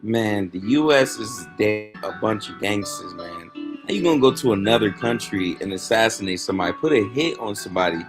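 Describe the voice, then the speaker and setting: A man's voice: on the low side, animated, a little fast, music in the background. A man in casual commentary, talking loosely in slang and reading scripture verses aloud. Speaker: host.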